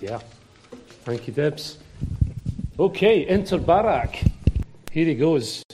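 A man with a Glaswegian accent preaching a sermon in an animated, chatty way, often breaking off his own sentences. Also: a little high, slow pace, slight background noise. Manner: animated, chatty, self-interrupting.

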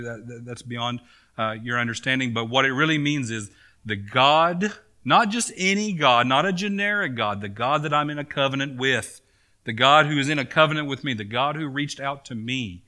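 Bright-voiced preaching pastor. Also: male voice, mid-range voice. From United States. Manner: earnest preaching, drops softly then rises emphatically. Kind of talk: sermon. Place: church sanctuary.

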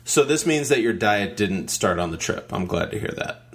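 A man's voice: lowish voice, animated, normal speed, husky. A man chatting casually as a podcast co-host, laid-back and teasing, with some swearing. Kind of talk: casual chat.

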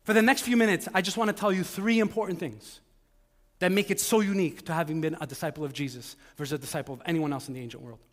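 High-voiced male pastor in a reverberant hall. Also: steady tone, quick pace, a bit bright. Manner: conversational, acts out quoted voices. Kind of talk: sermon. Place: church sanctuary. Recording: long reverb of a large hall.

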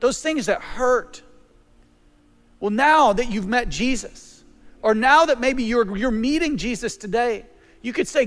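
A man's voice: very high voice, animated, measured pace, fairly bright tone. A man preaching a sermon with passion, moving between teaching and prayer. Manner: impassioned preaching, shifting into prayer. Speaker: pastor. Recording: long reverb with faint music.

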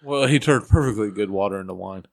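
A man's voice: fairly low pitch, fast, creaky. A man co-hosting a podcast, dropping dry, crude one-liners into a casual chat. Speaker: podcast co-host.

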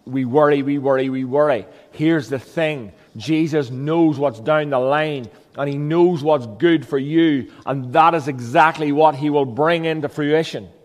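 A man's voice: on the high side, unhurried, few pauses, a little mellow, big-room sound. A man preaching a sermon as a pastor, earnest and emphatic, with rhetorical questions.

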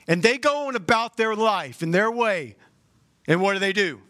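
A man preaching a sermon with a notably high voice. He talks like he is chatting with the congregation and keeps leaping up in pitch. The sound is dry and close. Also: moderate pace, no room sound. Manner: animated, conversational preaching with sudden jumps in pitch. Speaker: pastor.

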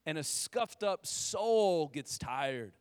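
Energetic and chatty, a thirtysomething male pastor preaches in a bright, high-pitched voice, treating the congregation as friends and constantly restarting, saying "like," and tossing in quick asides. The sound is dry, close to the mic, clean, and echo-free.

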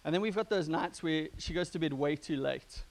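A pastor giving a sermon in a relaxed, conversational way, joking with his congregation. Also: a little high, fairly quick, creaky. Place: church gathering.

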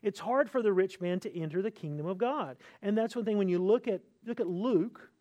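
A man's voice: high voice, brisk, warm tone. A man, a pastor, preaching an earnest expository sermon with emphatic, repeated phrases.

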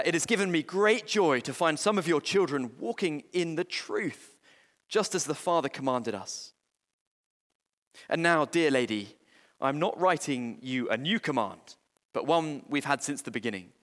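A man preaching a sermon, earnest and halting, with frequent restarts and fillers. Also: on the high side, animated, a bit bright. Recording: long hall reverb.

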